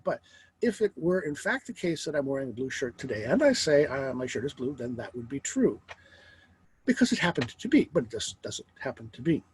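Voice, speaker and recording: A middle-aged man teaching a philosophy lecture in a wry, lively way, asking rhetorical questions. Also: on the high side, a little hiss or hum, low-quality recording.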